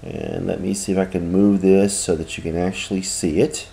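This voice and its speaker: A man teaching a recorded grammar lesson, explaining patiently and slowing down to repeat each example. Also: deep voice, flat delivery, gravelly, mellow. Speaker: Spanish teacher.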